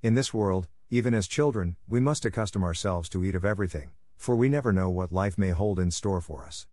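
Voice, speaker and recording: A man voicing a kind, poor old woodcarver father who lectures gently and fondly. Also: low-pitched, a little fast, lightly acted. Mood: gently scolding.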